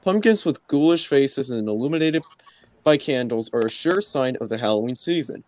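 A man co-hosting a live stream who chats casually and reads passages aloud haltingly, with restarts. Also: mid-range voice, animated, a little mellow. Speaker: stream co-host. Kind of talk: casual chat and reading aloud.

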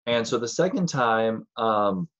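A man's voice: medium pitch, animated, unhurried, fairly bright tone. Chatty male teacher, slightly dull sound. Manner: chatty, rambling, acts out voices of historical figures. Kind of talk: casual history lecture.

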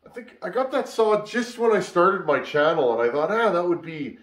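A man's voice: high voice, moderate pace. A man, tired after a long work week, chatting casually and rambling with lots of fillers as the host of a chainsaw repair channel in his workshop. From Canada. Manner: relaxed, rambling, many "uh" fillers. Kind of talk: casual shop chat. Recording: echoey workshop.

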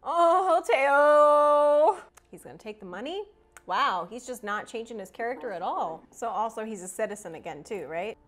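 A woman hosting a casual movie reaction video, talking to herself with quick gasps and frequent laughter. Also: mid-range voice. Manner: excitable, gasps and laughs often, talks to herself.

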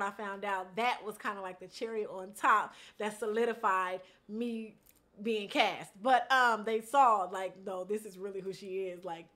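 A young woman telling a story to her camera in a casual vlog, animated, dropping to hushed asides and rising to loud outbursts, laughing often. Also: fairly high pitch. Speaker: vlogger.

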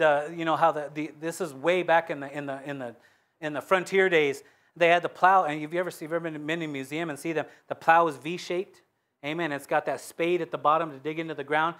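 A man preaching a sermon, reading scripture aloud and swinging between loud fervent peaks and low hushed asides. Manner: reads scripture in King James wording with emphatic repetition.

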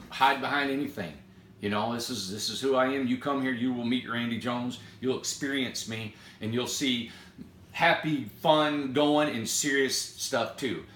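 Middle-aged builder talking off the cuff; earnest, repeats himself for emphasis; sharp, bright voice, roomy echo. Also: male voice, mid-range voice, a little hiss or hum. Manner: earnest, rambling, emphatic repetition. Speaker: owner and builder of a tiny home company. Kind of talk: unscripted live video monologue. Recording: echoey room.

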